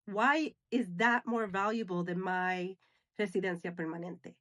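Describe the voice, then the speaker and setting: A woman from the United States, middle-aged, telling a story to camera in a casual, animated way, acting out the dialogue and slipping into Spanish phrases. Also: mid-range voice, measured pace. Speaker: vlogger.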